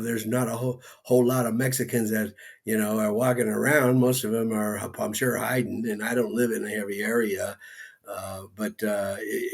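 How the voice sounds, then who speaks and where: A man from Northern California co-hosting a casual chat, telling stories with animation and acting out quotes. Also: creaky. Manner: animated storytelling, acts out quotes in a high excited voice. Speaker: co-host. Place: home porch.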